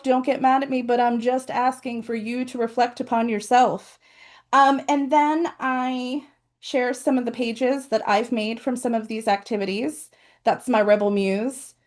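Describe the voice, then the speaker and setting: A chatty woman author presents her book on a video call, her voice sitting a little high. She talks in an animated, casual way and drops in playful asides.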